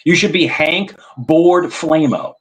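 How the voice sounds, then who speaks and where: A man on a live stream panel, trolling with loud, repetitive teasing and constant overtalking. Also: fairly high pitch, takes it slowly, poor audio.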